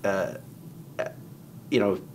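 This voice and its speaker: A man's voice: extremely slow, a little mellow, slight background noise. A man telling a long story in casual conversation, acting out quoted lines in raised voices. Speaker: guest storyteller.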